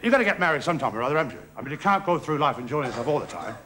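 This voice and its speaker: Male stand-up, halting and bumbling, lively high-leaning voice; hissy old theatre recording with loud audience laughs. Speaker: stand-up comedian. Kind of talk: stand-up comedy routine. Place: theatre stage before a live audience.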